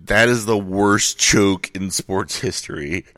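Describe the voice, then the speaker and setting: A man, talking loosely and profanely about sports as a podcast co-host. His voice sits low, and the recording is dry and close with no room sound. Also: slow, sharp tone, dry recording. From Boston area. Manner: profane, rambling sports talk. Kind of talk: casual chat.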